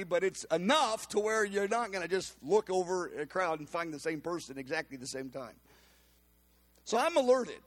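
High-voiced man telling a sermon story. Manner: animated storytelling, voices the people he quotes. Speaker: preacher.

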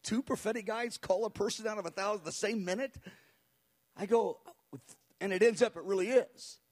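Middle-aged male preacher, high-pitched voice, animated storytelling, acts out quotes, sermon. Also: normal speed.

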